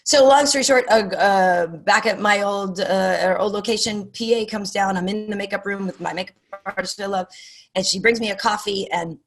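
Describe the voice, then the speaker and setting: A middle-aged woman, a sports TV host, chatting as a podcast guest and telling animated stories with many fillers and restarts. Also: medium pitch, moderate pace. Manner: animated storyteller, many fillers and self-corrections. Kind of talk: casual interview chat.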